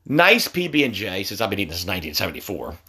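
A middle-aged man, a father, ribbing his son in casual banter, loud and exasperated, swearing often and bursting into high shouts. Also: very animated, rapid-fire.

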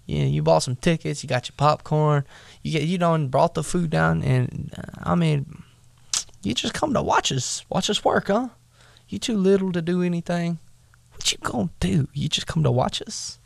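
A man's voice: on the high side, steady tone, moderate pace, gravelly, no room sound. A man voicing a scornful older brother, a young man taunting his sibling in slangy, mocking talk.

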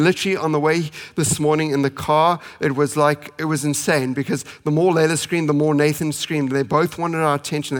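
A man in his thirties preaching a sermon as pastor, earnest and pleading, slowing for emphasis and speeding through family stories. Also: on the high side. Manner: earnest, pleading, with slow emphatic pauses and fast anecdotes.

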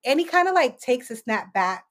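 A woman's voice: sits high, moderate pace. A woman co-hosting a casual podcast, recapping a TV episode scene by scene and acting out the characters' lines with casual swearing. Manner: animated, acts out quotes, swears casually. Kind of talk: casual chat.

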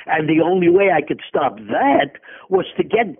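An older man with a gravelly, husky voice who rambles through a personal story, breaking off into tangents and correcting himself as he goes. He comes through a thin, phone-like line. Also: sits high, big pitch swings, normal speed. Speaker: interview guest. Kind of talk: storytelling in a conversation.

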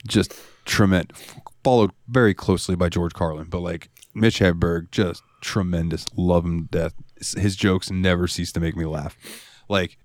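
A man co-hosting a podcast in casual, profane, animated chat. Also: sits low, normal speed, dry recording. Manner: animated, profane, laughs a lot. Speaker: podcast co-host.

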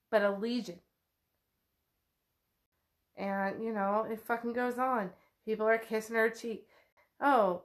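Woman, slightly high voice, casual book recap, chatty, swears a lot, lots of "like". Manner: chatty, swears freely, heavy use of "like".

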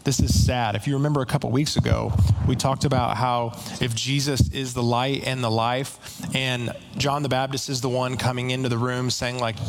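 A man preaching a conversational sermon, retelling scripture in everyday slang with quick asides. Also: mid-range voice, steady tone, a little hiss or hum.

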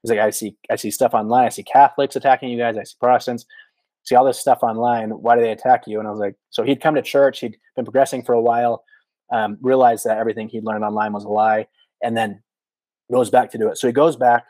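A fast-talking podcast guest in his thirties, once a missionary, tells a casual story at medium pitch. He's animated, uses "like" over and over, and performs the quotes. The sound is dry and poor in quality.

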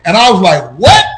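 A man with a high-pitched voice recounts his own near-death experiences. He talks with lots of restarts and gets animated, his voice jumping up at the tense parts. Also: background noise. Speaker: podcast guest. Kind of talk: personal storytelling.

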